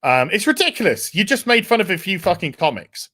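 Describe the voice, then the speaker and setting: Man, podcast host, animated, fairly high voice, reads viewer messages. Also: brisk. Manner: animated, swears freely. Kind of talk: casual podcast chat, reading out viewer messages.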